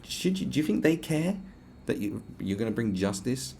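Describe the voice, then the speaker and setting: A man's voice: medium pitch, very animated, normal speed, vocal fry, a little mellow, a little hiss or hum. A man with a British accent hosting a podcast, ranting in a casual, profane, sarcastic way. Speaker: podcast host.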